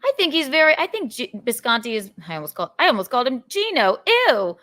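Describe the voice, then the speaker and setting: A woman's voice: sits high, big pitch swings, fast talker, a bit bright. A young adult woman hosting a podcast, chatting casually and rambling with lots of giggles. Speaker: podcast host. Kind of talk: casual chat.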